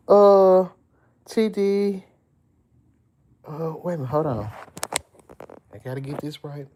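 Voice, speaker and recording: A middle-aged woman talks to her live viewers in a soft, tearful, emotional way, venting to them in an easy, chatty manner. She addresses the audience as y'all and reads their comments aloud between her own thoughts. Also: sits low, slow, long pauses, muffled recording. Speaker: vlogger on a livestream. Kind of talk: casual live-stream chat, reading out comments.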